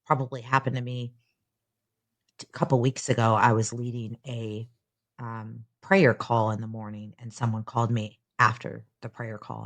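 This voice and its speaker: A woman with an unusually low voice, talking frankly on a podcast. She is candid and casual, dropping the odd swear word and filling pauses with ums.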